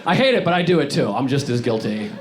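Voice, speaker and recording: A man doing a stand-up comedy set on stage, grumbling and deadpan, acting out bits in put-on voices. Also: mid-range voice, quick pace. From New York. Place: comedy club stage before a laughing audience. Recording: live set with loud audience laughter.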